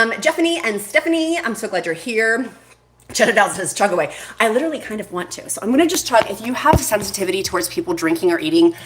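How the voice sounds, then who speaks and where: A woman's voice: mid-range voice, big pitch swings, fast. A woman hosting a casual live stream, chatty and bubbly, reading viewer comments aloud. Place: home kitchen. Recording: echoey room, faint noise.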